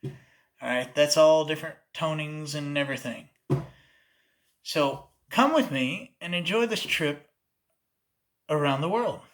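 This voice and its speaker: A man with an Oklahoma accent talks in a loose, folksy ramble. His voice sits a little high and has a bright, forceful edge. He delivers it as a comedy skit monologue. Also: a little slow, long pauses. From southeast Oklahoma. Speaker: comedic performer.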